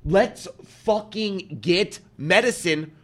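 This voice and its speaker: High-voiced man, fired up and swearing. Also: slow. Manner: fired-up, agreeing loudly, swearing. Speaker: podcast co-host. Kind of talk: casual profane chat.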